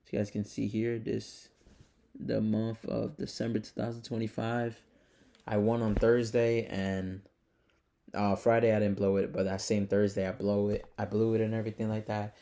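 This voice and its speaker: A man's voice: on the low side, level tone, moderate pace, gravelly, mellow. A young man talking straight to his viewers in a casual vlog, rambling and earnest, full of fillers and calling them "guys" and "man". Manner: calls the audience "guys" and "man". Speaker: trading vlogger.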